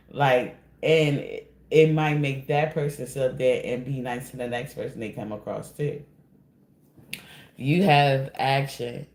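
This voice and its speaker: A man's voice: mid-range voice, reverberant. A man doing a casual, rambling tarot card reading, repeatedly addressing his listeners as collective.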